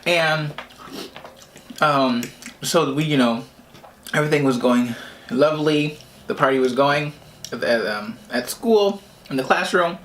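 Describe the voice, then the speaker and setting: A man vlogger recounts a childhood story between bites, circling back and restarting his sentences as he goes. His voice sits a touch high, and he chuckles at his own tale. Faint clinks of cutlery and dishes sit underneath. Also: a little slow, long pauses, fairly bright tone, a little hiss or hum. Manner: rambling, restarts often, laughs at own story. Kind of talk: storytime while eating.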